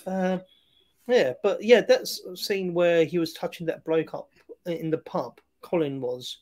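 A man with a fairly high voice talks through a film in loose, casual chat. He hesitates often, trailing off into fillers and restarting his sentences. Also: a little slow, a little mellow. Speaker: film review podcast co-host.

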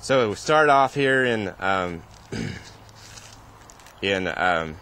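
A man's voice: deep voice, expressive, extremely slow, sharp tone. A male pastor giving a sermon in a church, retelling scripture in a casual, conversational way.

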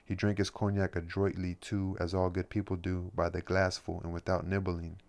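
A man reading a classic novel aloud as an audiobook, in steady, measured narration. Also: sits low. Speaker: reader.

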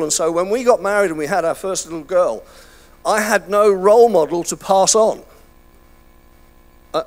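An older man preaching a sermon in a chatty, self-deprecating way, with many fillers and restarts. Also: a little high. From United Kingdom. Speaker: pastor. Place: church hall.

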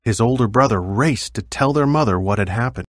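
A man narrating children's stories aloud with clear, expressive storytelling. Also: medium pitch, a little fast, dry recording, studio quality.

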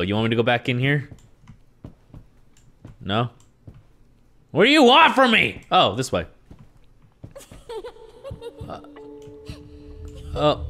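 A young man talks through a horror game, sarcastic and foul-mouthed. His voice is fairly high and bright, and it leaps around a lot between muttering and yelping. Faint music plays under it. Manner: jumpy, sarcastic and profane, swinging from muttering to yelps. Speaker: gaming video host.

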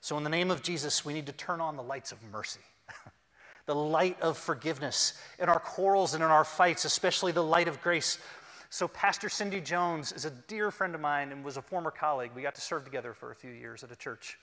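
A pastor delivering a sermon, animated and humorous, leading his congregation to speak along. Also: fairly high pitch, fairly quick. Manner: animated, humorous, leads the congregation in call-and-response. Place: church sanctuary. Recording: long reverb in a church hall.

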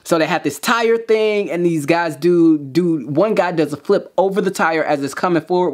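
Give me a guy talking on a reaction video, breathless and slangy, stumbling over his restarts. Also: on the high side. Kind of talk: excited reaction commentary.

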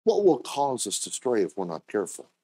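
A man preaching a sermon as pastor, telling stories and acting out quoted voices with sudden jumps in pitch. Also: huge pitch swings, fairly quick, darkish tone, slightly rough.

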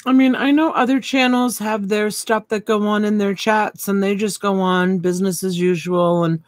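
A woman chatting earnestly on a live stream, talking in a slow, unhurried way. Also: medium pitch, steady tone, dry recording. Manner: slow, earnest, talks with her mouth full. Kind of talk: casual live-stream chat.

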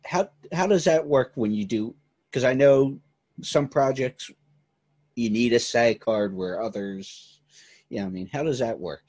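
A man hosting a podcast interview, asking halting questions full of fillers. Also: mid-range voice, darkish tone. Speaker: podcast host. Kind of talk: casual interview.

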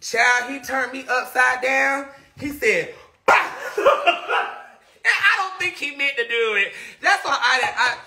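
A man's voice: very high voice, measured pace, vocal fry, noisy background. A man telling a story casually to live viewers on a phone, dramatic and full of outbursts. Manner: animated, dramatic retelling with outbursts. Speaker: live-stream host.

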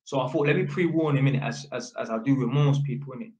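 A man's voice: medium pitch, fast, mellow, dull audio. A man telling a story in casual, sweary street slang, an electrician chatting to camera. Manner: slangy and sweary, full of innit and fam. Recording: echoey room.

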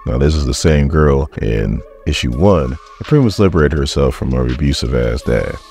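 A man's voice: a bass voice, animated, normal speed, gravelly, a little mellow. A man hosting a casual comic book recap, chatty and offhand, telling the story with lots of "he's like" and "so then".

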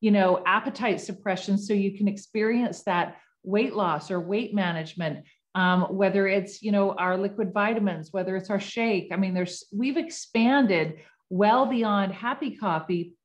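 A woman's voice: mid-range voice, measured pace. A woman co-hosting a sales talk on a video call, chatty and friendly with plenty of asides. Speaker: co-host presenter.

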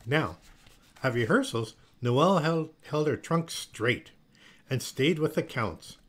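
A man reading a children's picture book aloud in a slow, expressive storytelling manner. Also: fairly high pitch. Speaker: storybook reader.

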